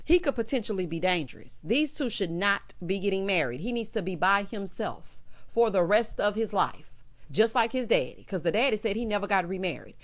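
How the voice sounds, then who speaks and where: Sassy woman recap host, mid-pitched voice, animated storytelling voice-over. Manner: sassy, animated, acting out quotes with exclamations. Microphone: voice-over without camera.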